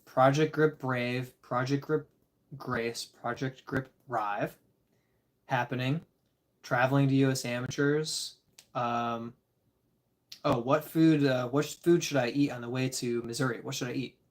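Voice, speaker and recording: A man's voice: medium pitch, steady tone, unhurried. A tired man casually chatting with his live-stream audience, chuckling and rambling as he reads the chat. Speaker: disc golf livestreamer reading chat.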